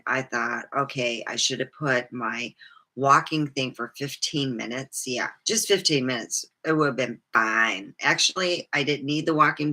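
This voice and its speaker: A woman's voice: rumbling low, pushed and bright. A middle-aged woman vlogging candidly about her life, rambling and swearing freely. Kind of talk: personal storytelling monologue.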